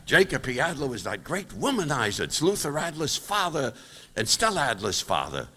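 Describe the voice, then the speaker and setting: A man's voice: huge pitch swings, moderate pace, bright, forceful tone, breathy edge. An older man from Brooklyn, telling jokes on stage in punchy bursts. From Brooklyn, New York. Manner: punchy joke delivery with big swings of pitch. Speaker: comedian, stage performer. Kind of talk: stand-up storytelling on stage. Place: large high school auditorium. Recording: long reverb of an auditorium.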